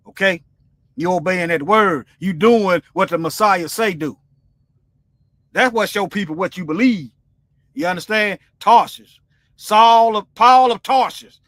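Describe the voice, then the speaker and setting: A man's voice: a little high, a bit bright, no room sound. A man giving informal Bible teaching on a livestream, talking in a colloquial, rambling and emphatic way while he reads viewer comments.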